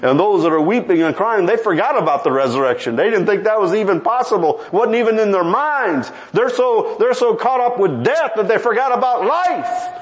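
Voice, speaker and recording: A man's voice: high voice, animated, moderate pace, hardly any pauses, rough recording. A man preaching a sermon with drama, quoting old scripture and acting out the people in the story. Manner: dramatic, acts out voices, rising to near-shouts; quotes King James scripture.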